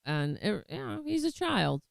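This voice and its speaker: A woman's voice: medium pitch, sing-song, measured pace, creaky, no room sound. An American woman hosting a political commentary vlog, talking in a sarcastic, mocking and rambling way. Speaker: host.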